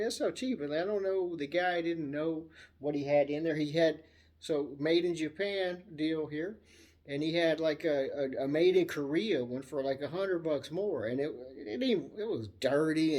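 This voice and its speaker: A man casually telling a rambling story about buying a guitar, acting out the voices of the people in it, then demoing the instrument. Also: medium pitch. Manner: rambling, animated, acts out voices in anecdotes. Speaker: guitar channel host.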